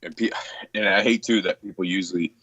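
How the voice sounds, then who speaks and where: A man's voice: sits low, fairly even intonation, fast talker, sharp tone, no room sound. A man from Texas chatting casually on a podcast, profane and rambling. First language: not English. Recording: dull lo-fi sound.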